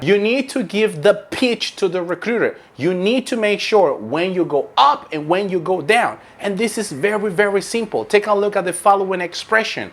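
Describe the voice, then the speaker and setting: A man's voice: sits high, expressive, normal speed, hardly any pauses, fairly bright tone. A man who trains call center agents, giving an emphatic coaching lesson and repeating key points.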